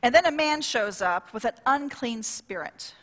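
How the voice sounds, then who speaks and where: A woman pastor preaching a sermon in a lively, conversational way, drawing call-and-response from the congregation. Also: fairly high pitch, moderate pace, in a large hall.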